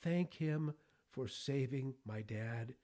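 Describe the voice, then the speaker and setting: A middle-aged man hosting a devotional podcast, speaking earnestly and with deep feeling, at times choking up with emotion. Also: takes it slowly, dark tone. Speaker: podcast host.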